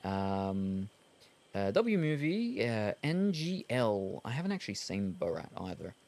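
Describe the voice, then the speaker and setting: This time the Australian gamer's voice sits fairly low and dark, very animated yet a little slow. His casual chat while playing stays rambling and hesitant, packed with ums and uhs.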